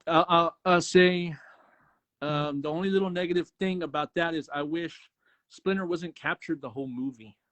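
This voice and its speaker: A man's voice: on the high side, normal speed, no room sound. A man co-hosting a movie review show, chatting casually, swearing often and acting out scenes. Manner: profane, animated, acts out scenes. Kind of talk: casual chat.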